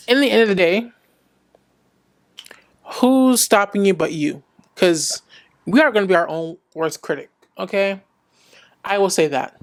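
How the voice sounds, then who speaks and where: A young woman speaking frankly in a casual vlog, giving blunt advice and acting out little conversations. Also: on the low side.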